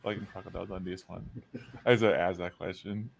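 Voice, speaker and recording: A man's voice: deep voice, little pitch movement, a little fast, vocal fry, breathy edge. A man from the United States hosting a podcast, chatty and joking through a casual interview. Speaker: podcast host.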